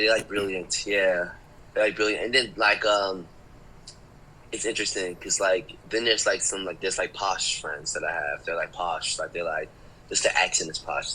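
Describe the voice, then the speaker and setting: A man's voice: deep voice, normal speed, sharp tone, slight background noise, low-quality recording. A man from Chicago, a musician guest in a casual interview, talking laid-back with lots of slang, fillers and laughter.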